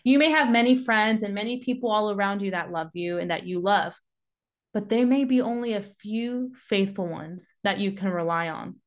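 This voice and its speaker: A woman's voice: medium pitch, moderate pace, highs cut off. A woman giving a devotional Bible teaching, reading scripture aloud and then urging listeners on with rising passion. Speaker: devotional podcast speaker.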